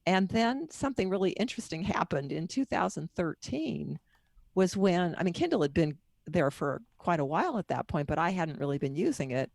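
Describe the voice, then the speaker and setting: A woman's voice: on the low side, sing-song, a little fast, gravelly, darkish tone, dry recording, clean studio sound. A middle-aged woman being interviewed as a guest author and coach, telling her story in a candid, personal, wandering way.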